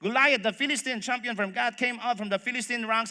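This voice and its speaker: A man preaching a sermon, telling a story with animated voices and speaking to the congregation as folks. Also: extremely high pitch, quick pace, few pauses. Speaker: pastor. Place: church hall. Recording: long reverb of a church hall.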